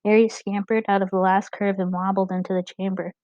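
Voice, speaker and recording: A woman narrating an audiobook chapter in a steady, expressive reading. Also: mid-range voice, brisk, no room sound. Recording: dull, dry lo-fi recording.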